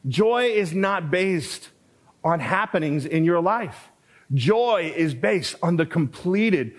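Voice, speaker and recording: A man preaching as a pastor, talking conversationally with asides and with repetition for emphasis. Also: sits high. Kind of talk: sermon.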